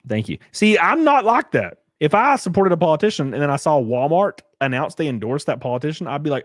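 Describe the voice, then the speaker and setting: A man on a live stream, talking casually and sarcastically, swearing often and dropping into mocking put-on voices. His pitch swoops up and down with lively energy. The sound is close and dry with no room echo. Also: brisk, few pauses. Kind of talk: casual live-stream talk, reading chat.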